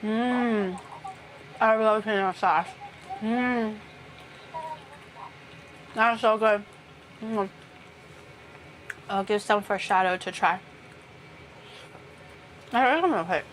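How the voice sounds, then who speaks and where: A woman's voice: mid-range voice, very slow, long pauses, a bit bright, a little hiss or hum. A woman chatting casually with viewers while she cooks on a live stream, swearing now and then. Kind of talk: casual chat while cooking. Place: home kitchen.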